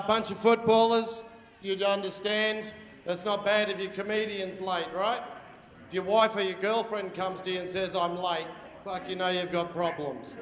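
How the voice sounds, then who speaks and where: A man in his forties with an Australian accent doing a crude stand-up routine, teasing the crowd. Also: sits high. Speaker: stand-up comedian. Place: large function hall. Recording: echoey hall, loud crowd.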